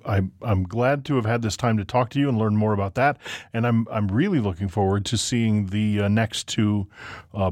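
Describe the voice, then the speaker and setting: A man hosting a public radio interview, speaking in a measured, friendly way with some fillers. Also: lowish voice, a little mellow, no echo, studio quality. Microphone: studio microphone.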